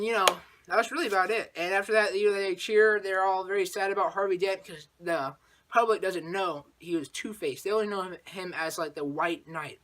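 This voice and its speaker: A man's voice: sits high, a bit bright. A man hosting his own channel, recapping a movie in a casual, rambling way, full of fillers and sound effects.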